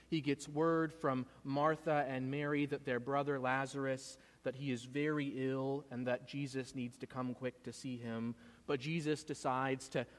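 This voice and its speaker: A man's voice: medium pitch, long reverb tail. A man preaching a sermon, retelling a story in an earnest way and often repeating words as he goes. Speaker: pastor.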